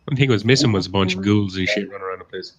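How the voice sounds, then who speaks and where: A man's voice: low-pitched, racing. A man on a casual live panel chat, talking bluntly and swearing freely. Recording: dull lo-fi audio with faint noise.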